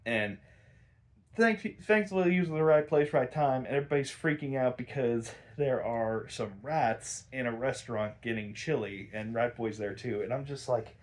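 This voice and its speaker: A young man talks through a cartoon episode in a loose, rambling way at an ordinary mid pitch. He swears freely, sighs often and fills gaps with "um" and "like", sounding exasperated. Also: moderate pace. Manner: sighs a lot, frequent fillers. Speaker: episode reviewer. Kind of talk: casual review chat.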